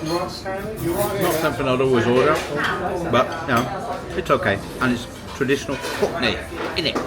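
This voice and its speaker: A man casually narrating a travel vlog with dry, understated humour while tasting food at a busy outdoor market. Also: mid-range voice. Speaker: travel vlogger. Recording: loud crowd and music behind.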